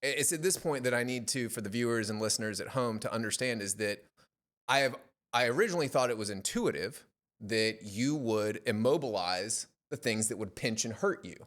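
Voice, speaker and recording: A man in a relaxed podcast interview who tells fishing stories with animated, playful energy. His pitch sits in an ordinary middle range for a man. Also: a little fast. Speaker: podcast guest, yacht club commodore. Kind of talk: casual storytelling interview.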